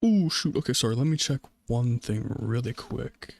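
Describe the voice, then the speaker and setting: Gravelly, a bit mellow, and expressive, a young man's medium-pitched voice moves at normal speed as he streams a horror game. Into a desk mic he reads in-game notes aloud, jokes around, and laughs.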